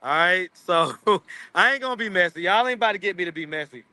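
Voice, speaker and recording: A man's voice: sits high, expressive, quick pace, pushed and bright, dry recording. A man hosting a casual livestream chat, rambling and teasing his viewers. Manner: rambling, teasing, laughs often. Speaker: street interview channel host.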